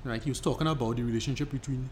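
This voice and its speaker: A man's voice: mid-range voice, very fast, darkish tone, a little hiss or hum. A man co-hosting a podcast, explaining at length in casual chat, rambling and restarting his sentences. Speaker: podcast co-host.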